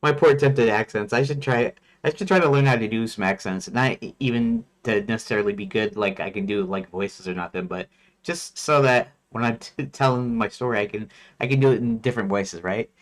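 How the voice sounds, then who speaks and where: A man's voice: medium pitch, fairly quick. A man who develops games, thinking aloud on a livestream and reading his story notes, hesitant and self-questioning. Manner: hesitant, many fillers and restarts, self-questioning. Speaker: game developer streamer.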